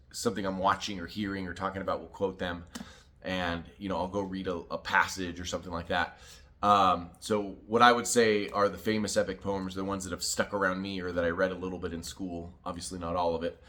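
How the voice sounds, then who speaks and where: A man's voice: sits low, sharp tone. A man in a casual book vlog, talking loosely with many fillers and restarts. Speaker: book vlogger. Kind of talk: casual video chat.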